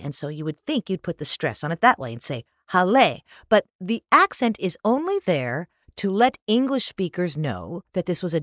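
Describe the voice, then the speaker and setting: A woman's voice: lowish voice, no room sound, studio quality. A woman hosting a classical music radio show, chatty and explanatory as she introduces the pieces. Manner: chatty, explanatory, lively delivery. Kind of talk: radio hosting, scripted announcing.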